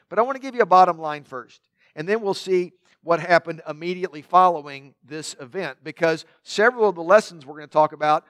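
A man's voice: a little high, a bit bright, no echo. A man preaching a sermon in a conversational way, with joking asides to the congregation. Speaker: pastor.

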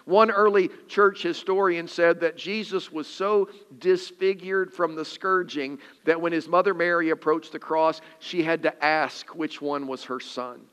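A man's voice: a little high, steady tone, unhurried, hardly any pauses, fairly bright tone, clean tone, long reverb tail. A man preaching a sermon in an earnest, emphatic way, reading scripture with dramatic emphasis. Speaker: pastor.

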